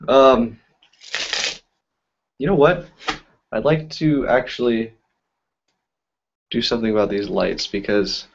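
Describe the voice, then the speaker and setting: A man's voice: mid-range voice, lively intonation, takes it slowly, gravelly, pauses often, slight background noise. A man who is a magician, chatting casually on a live stream and telling rambling stories full of fillers. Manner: rambling, filler-heavy storytelling. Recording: dull lo-fi audio.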